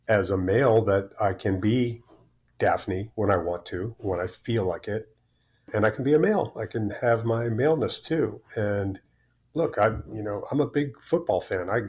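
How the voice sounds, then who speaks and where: A man's voice: fairly low pitch, darkish tone. A man in his sixties, a podcast guest telling personal stories openly, often restarting and repeating words. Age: 60s. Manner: open, rambling, repeats words. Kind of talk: candid conversational storytelling.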